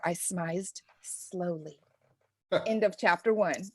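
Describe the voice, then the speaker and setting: A woman reading her own deliberately awful first chapter aloud, with a sly, mock-breathless comic delivery. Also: mid-range voice, expressive, no echo, clean studio sound. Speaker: guest author reading a parody chapter.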